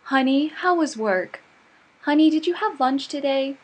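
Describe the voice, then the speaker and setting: A woman's voice: high-pitched, lively intonation, unhurried. Woman as a chirpy mock-ad housewife. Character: cheerful housewife in a mock commercial.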